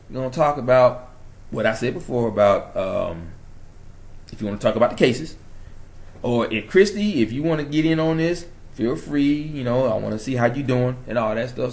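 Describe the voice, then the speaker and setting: Young new york guy hosting his channel, all hyped up, voice jumping all over, preachy. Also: mid-range voice. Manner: hyped, preachy, swings from loud to hushed. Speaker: channel host. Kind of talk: excited monologue to camera.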